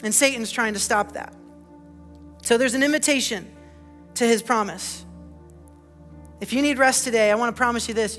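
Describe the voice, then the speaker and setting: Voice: mid-range voice, normal speed, pauses often, fairly bright tone, long reverb tail, faint music behind. A pastor giving a sermon, earnest and personal, with many rhetorical questions. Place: church auditorium.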